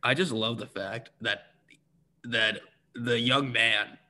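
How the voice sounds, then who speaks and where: A man's voice: mid-range voice, steady tone, slow pace, pushed and bright. A man in casual comedic banter, joking and teasing his friend about a script. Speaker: co-host reacting to a script.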